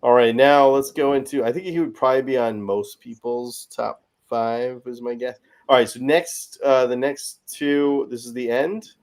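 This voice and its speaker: A man hosts a loose podcast chat in an ordinary, mid-pitched voice. He is blunt, swears freely and rambles from one point to the next. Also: fairly even intonation, moderate pace, few pauses. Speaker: podcast host.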